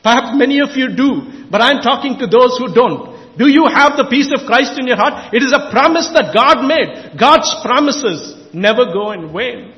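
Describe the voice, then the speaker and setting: A man's voice: very high-pitched, animated, moderate pace, hardly any pauses, long reverb tail, lo-fi sound. A man preaching an impassioned sermon in a church, repeating and exhorting his listeners. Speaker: lay preacher.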